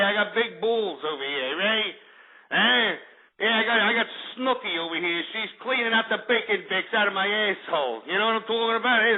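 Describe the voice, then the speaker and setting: A man's voice: sits high, lightly acted. A man putting on a New Jersey accent to play a boastful, crude Jersey Shore tough guy who ends lines with "eh?". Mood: mocking swagger. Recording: tinny phone-like line.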